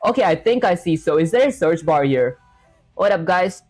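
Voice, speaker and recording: A woman's voice: on the low side, lively intonation, moderate pace, darkish tone, faint music behind. A young woman streaming live as she codes, thinking aloud and chatting casually with her viewers. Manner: chatty, thinks aloud, reads chat and answers it, lots of "guys" and "honestly". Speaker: coding livestreamer. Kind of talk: casual live-stream chat while coding.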